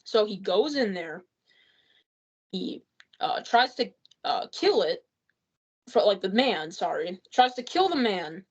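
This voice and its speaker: A woman's voice: medium pitch, sing-song, slow, pauses often, breathy edge. Exasperated woman reviewing a movie, lo-fi. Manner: exasperated, rambling with fillers and restarts. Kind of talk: casual spoken movie review.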